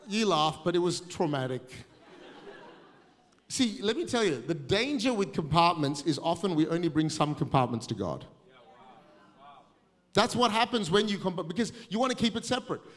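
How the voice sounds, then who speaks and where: Australian male preacher, high voice, energetic and self-deprecating, long reverb of a big hall. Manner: energetic, self-mocking storytelling with humor. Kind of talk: sermon.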